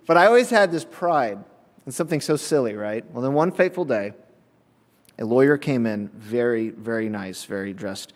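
A man preaching a sermon, telling a personal story in an animated way, acting out voices and laughing often, heard with long hall reverb. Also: mid-range voice, moderate pace.

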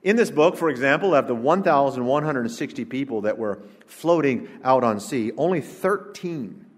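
A man, preaching an emphatic, rhetorical sermon to a congregation, swinging between loud declarations and low asides. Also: expressive, normal speed. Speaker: pastor. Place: church sanctuary, preaching to a congregation. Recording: long church-hall reverb.

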